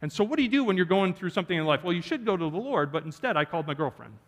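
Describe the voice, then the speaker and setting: A man's voice: high-pitched, racing. A man preaching a sermon, telling a personal story with jokes for the congregation. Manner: animated, joking with the congregation. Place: church sanctuary. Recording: church hall reverb.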